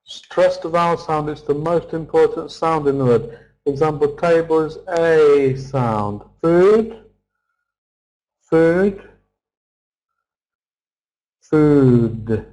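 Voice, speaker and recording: A man's voice: fairly high pitch, measured pace, a little mellow, rough recording. A man teaching an online pronunciation lesson, patiently repeating each word and counting its syllables. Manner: patient, explains the stressed vowel sound step by step. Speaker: English teacher.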